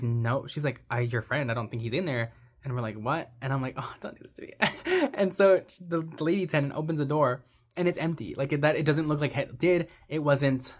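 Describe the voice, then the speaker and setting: A young adult giving a casual, rambling movie recap, gushing and sentimental, saying "like" constantly. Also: mid-range voice. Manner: rambling, heavy use of "like". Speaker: movie reviewer.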